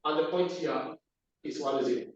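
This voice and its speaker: A man with a fairly high voice speaks at a moderate pace while teaching a maths class at the board, repeating key terms and asking the class questions. The recording is echoey and lo-fi, captured on a distant mic.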